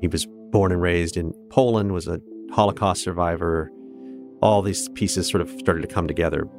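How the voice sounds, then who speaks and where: Deep-voiced man telling a personal story. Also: fairly even intonation, moderate pace, vocal fry, faint music behind. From Kansas, USA. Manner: earnest, reflective, candid. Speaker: interview guest.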